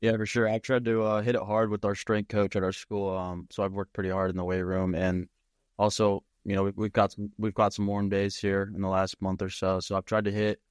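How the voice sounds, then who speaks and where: A teenage boy speaks in relaxed, halting answers, leaning on "you know". His voice is low, smooth and flat, and the recording is dry. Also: dry recording. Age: teens. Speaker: high school golfer guest. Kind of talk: casual interview answers.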